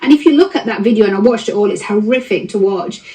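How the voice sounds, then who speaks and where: A woman gives her opinion in a played broadcast clip, measured and methodical. Her voice is mellow and sits far from the mic in a roomy, echoing space. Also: medium pitch.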